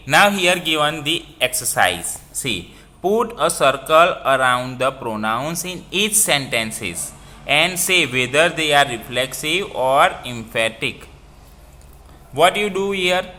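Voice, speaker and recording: A man's voice: on the high side, bright, forceful tone. A man with an Indian English accent teaching a grammar lesson, repeating points and quizzing listeners with "what?".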